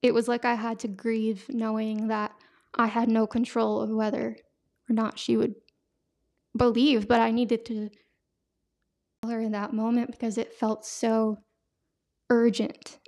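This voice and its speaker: Slow, halting young woman telling her testimony. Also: on the high side, little pitch movement, darkish tone. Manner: emotional, halting, many fillers. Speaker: podcast host. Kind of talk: personal testimony.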